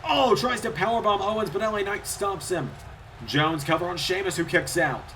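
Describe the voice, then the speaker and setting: Excitable bright-voiced male wrestling commentator. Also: moderate pace, slight background noise. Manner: excitable, rises in pitch and volume at big moves. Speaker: play-by-play commentator. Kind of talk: solo video game wrestling commentary.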